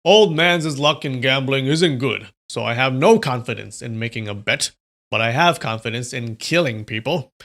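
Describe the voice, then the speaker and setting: A man voicing a ruthless old male demonic sect leader, reading him loud, boastful and threatening. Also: medium pitch, animated, normal speed, gravelly.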